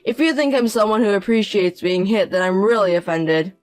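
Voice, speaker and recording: A man's voice: high-pitched, fairly quick, no echo, soft background music, close to an everyday voice. A young man voicing a resentful grown son who talks in a cold, curt way, in a narrated audio drama. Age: young adult.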